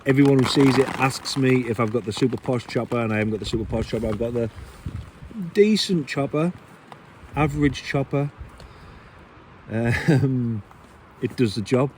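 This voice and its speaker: A man's voice: medium pitch, normal speed, pauses often, a little mellow, a little hiss or hum. A man, chatting casually and self-deprecatingly with lots of ums and ers while sheltering under a tarp in rainy woods. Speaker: bushcraft vlogger. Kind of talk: casual rambling gear talk. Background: rain falling.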